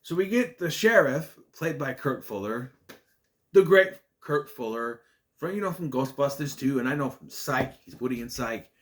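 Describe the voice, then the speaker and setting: Laughing along at the jokes, a man reviews a comedy film by himself in a casual, animated way, popping into high-pitched voices to imitate lines.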